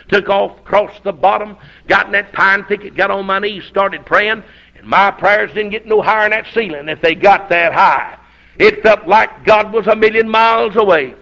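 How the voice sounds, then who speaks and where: A man's voice: sits high, creaky. A middle-aged man with a Southern US accent and a sore throat, preaching a folksy, fervent revival sermon on a dull lo-fi recording. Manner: folksy storytelling, fervent, rising to shouts.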